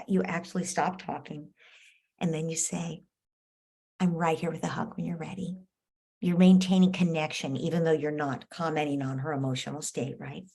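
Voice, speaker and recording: A middle-aged woman giving parenting advice in a live question-and-answer session, acting out what parents and children might say. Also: low voice. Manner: warm coaching tone, acts out parent and child lines. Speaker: parenting expert answering callers.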